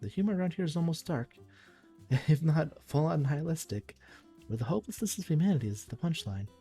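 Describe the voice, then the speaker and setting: A man's voice: a little high, expressive, brisk, dark tone, slightly rough, soft background music. A young man reading a visual novel's narration aloud on a live stream, sometimes tripping over words and restarting.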